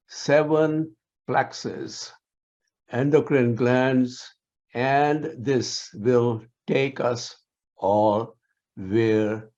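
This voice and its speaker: A man moderating a panel, reading out a question from the chat in a measured, slightly hesitant way. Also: medium pitch, a little mellow, highs cut off.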